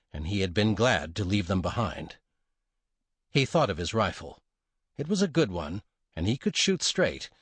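A man reads a western novel aloud in an expressive, dramatic style. His voice is husky with lively, wide-ranging intonation. It is recorded close in a dry, dead space. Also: fairly low pitch, no echo. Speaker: audiobook narrator. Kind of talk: scripted narration of a western novel.

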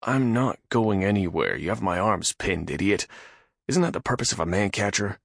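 A dry, sarcastic male prisoner, weary and irritated, in a storybook reading, as a man voices him. The voice is low and gravelly with a husky edge, recorded close and dry. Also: lively intonation, moderate pace, dry recording.

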